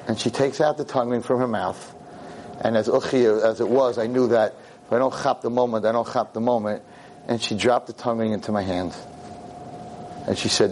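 Rabbi guy giving a talk, tells stories with lots of life, does the voices, mid pitched. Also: fairly quick, slight background noise. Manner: animated, acts out quoted voices. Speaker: rabbi and teacher. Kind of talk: convention speech with storytelling.

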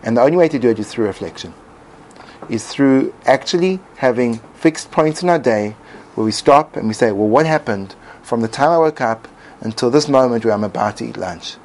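A man hosts a reflective talk, thinking aloud with lots of restarts and fillers. His mid-range voice is animated and brisk with a darkish tone. The recording is rough, with faint background noise.

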